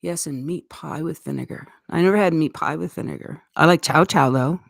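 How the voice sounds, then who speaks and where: A middle-aged woman from Eastern Canada with a Canadian accent hosts a live stream, chatting casually and rambling while laughing often. Her voice sits low and is brisk and creaky, recorded in studio quality with no echo.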